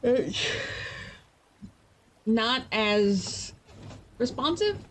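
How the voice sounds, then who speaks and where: A woman's voice: fairly high pitch, animated, a little hiss or hum. A tired woman chatting playfully with her live-stream viewers as she gets ready to write. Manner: chatty and playful, quick to laugh. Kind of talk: casual live-stream chat.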